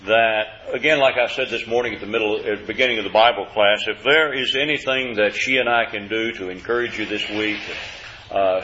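A man's voice: on the high side, pushed and bright, dull audio. A man preaching an earnest, conversational sermon, often restarting and repeating words.

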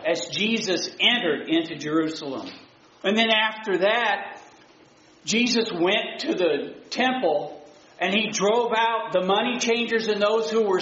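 A man with a high voice preaches at an unhurried pace, telling the story in plain everyday words. His voice rings through a roomy church, and the recording is a little muffled. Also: fairly bright tone. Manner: retells the story in a plain, conversational way. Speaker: pastor. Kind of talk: sermon.

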